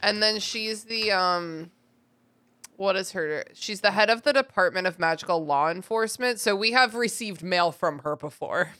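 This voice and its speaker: A woman co-hosting a podcast, her voice bright and clear. She talks casually about a book, laughs often and swears freely. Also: medium pitch, normal speed. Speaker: podcast co-host. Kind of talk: casual book-discussion chat.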